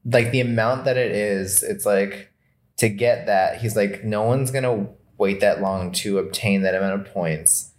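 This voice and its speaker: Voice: sits low, a little slow. Rambling young podcast co-host, "like"-heavy. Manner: rambling, heavy use of "like", acts out quoted people loudly. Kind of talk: casual chat. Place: small hot room.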